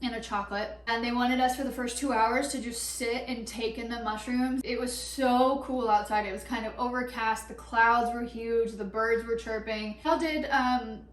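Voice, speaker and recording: A young woman telling a story in a casual vlog, chatty and animated, with lots of "like" and quick laughs. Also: a little high, recorded from a distance. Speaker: vlogger. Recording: echoey room, a bit off-mic.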